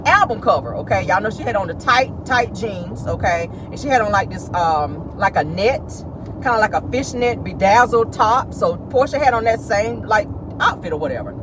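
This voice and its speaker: Woman, gossip vlog host, sassy and petty, very lively pitch swings, faint traffic noise behind. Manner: sassy and petty, peppered with "honey" and "child". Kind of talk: celebrity gossip commentary.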